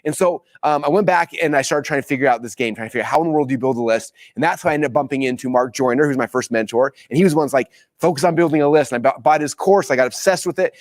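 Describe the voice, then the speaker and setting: A man hosts a marketing course and tells a story from his past, eager and animated. He talks quickly, and his voice is dry and close to the mic. He acts out his old lines with sudden leaps in pitch. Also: dry recording. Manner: excited, re-enacts his own past lines with big pitch jumps. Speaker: course host.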